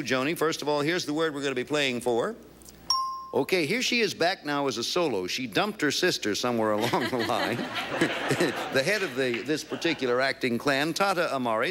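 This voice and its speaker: A man's voice: mid-range voice, lively intonation, moderate pace, background noise. A man hosting a television game show, joking and bantering with the contestants. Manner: playful, quipping banter. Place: TV studio with audience.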